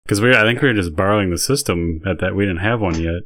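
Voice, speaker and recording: A man with a somewhat low voice co-hosts a casual podcast. He tells stories in a loose, rambling way and fills them with "like" and "um.". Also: fast talker, fairly bright tone. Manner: rambling storytelling with many fillers. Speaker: podcast co-host. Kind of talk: casual chat.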